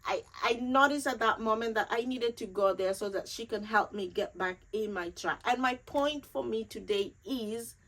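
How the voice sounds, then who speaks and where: A woman's voice: on the high side, moderate pace, hardly any pauses, a bit bright, poor audio. A grieving young woman vlogger telling a personal story to camera. She talks earnestly and emotionally, repeating phrases for emphasis.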